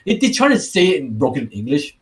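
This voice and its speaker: A man's voice: on the high side, huge pitch swings, fairly quick. A man from Taiwan with a Taiwanese accent, co-hosting a casual podcast and telling rambling stories with repeated words and restarts. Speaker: podcast co-host.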